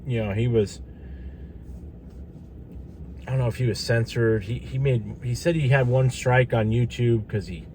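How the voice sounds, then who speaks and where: A man's voice: medium pitch, moderate pace, pauses often, dark tone, a little hiss or hum. A tired man talking casually to camera for his vlog, rambling with lots of fillers and restarts. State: tired, yawning. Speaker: vlogger.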